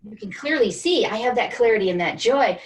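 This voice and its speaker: A woman's voice: a little high, animated, fairly quick, far from the mic, slight background noise. A woman wellness coach leading an online group through a guided energy exercise, coaxing and encouraging participants by name. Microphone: video call.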